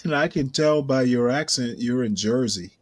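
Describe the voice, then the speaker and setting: A man from Georgia trading jokes in a dry, deadpan manner. His voice sits in a middle pitch, and the sound is close and dry with no room echo. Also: normal speed. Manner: dry, joking. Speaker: chat partner. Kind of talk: casual chat.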